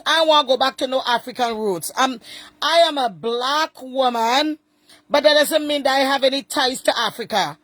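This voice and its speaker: A woman's voice: high-pitched, normal speed, a bit bright, no room sound. A woman giving casual, indignant commentary from home and repeating her points for emphasis. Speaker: online commentator.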